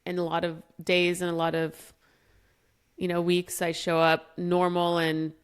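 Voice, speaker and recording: A woman's voice: lowish voice, monotone, measured pace, clean tone. A young woman co-hosting a podcast, telling personal stories in a candid, emotional way and laughing often. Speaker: podcast co-host. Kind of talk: casual chat.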